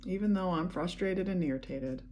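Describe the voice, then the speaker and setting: A woman leading a guided EFT tapping session, speaking calm, repetitive affirmations. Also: fairly low pitch, normal speed, a little hiss or hum.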